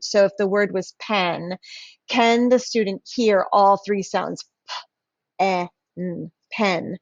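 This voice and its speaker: A woman instructional coach gives a casual professional development talk to teachers. Her medium-pitched delivery is hesitant, full of fillers and restarts. The recording is dry, with the highs cut off.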